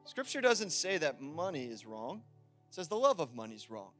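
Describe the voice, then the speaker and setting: A man with a high voice preaches a sermon, keeping it loose and conversational, then pushing into loud, emphatic stretches. Soft music plays quietly behind him. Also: big pitch swings, moderate pace.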